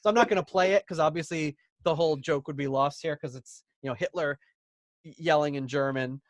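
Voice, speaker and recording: A man's voice: on the high side, fairly quick, no echo. A man co-hosting a podcast in casual chat. He tells stories with laughter and acts out quotes. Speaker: podcast co-host.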